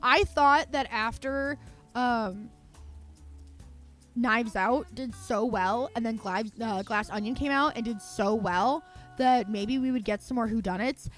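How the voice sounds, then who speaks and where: A woman's voice: on the high side, a little slow, soft background music. A woman streaming live, ranting in a heated, profane way and swearing freely. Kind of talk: live-stream movie rant.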